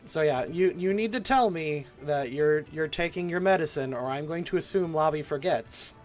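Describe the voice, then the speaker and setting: A man's voice: a little high, soft background music. Stammering man running a tabletop game. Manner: halting, stammering restarts, quick laughs. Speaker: game master. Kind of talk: narrating a tabletop role-playing game.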